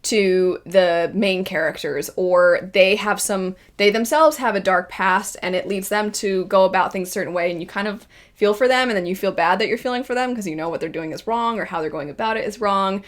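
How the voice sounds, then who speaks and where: Woman doing a chatty video review, acts out her reactions, lively and expressive. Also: medium pitch, fairly quick. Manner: animated, acts out quoted reactions. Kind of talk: casual spoken review.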